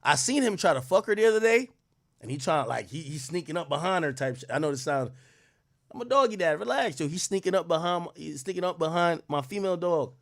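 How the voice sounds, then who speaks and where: A man's voice: a little high, animated, brisk, a bit bright. A young man hosting a podcast, rambling through loose, slang-heavy stories in casual chat. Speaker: podcast host.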